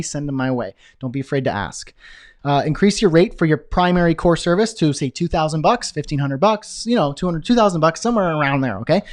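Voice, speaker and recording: Energetic man coaching on business. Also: fairly high pitch. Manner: energetic, repeats key phrases for emphasis; reads out viewer comments and answers them. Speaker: web design business coach. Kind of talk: live-streamed business coaching talk.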